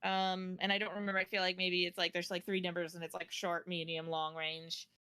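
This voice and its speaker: A woman's voice: lowish voice, little pitch movement, a little fast, sharp tone, clean tone, no echo. A woman narrating a tabletop game as game master, casual and loose with fillers and restarts.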